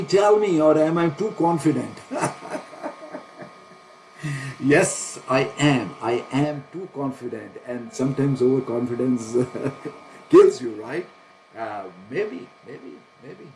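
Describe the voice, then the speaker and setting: A man's voice: fairly high pitch, darkish tone, a little hiss or hum, rough recording. A man day-trading live and talking to his viewers, anxiously questioning himself and laughing nervously as he talks it through. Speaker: day trader streaming a live trade.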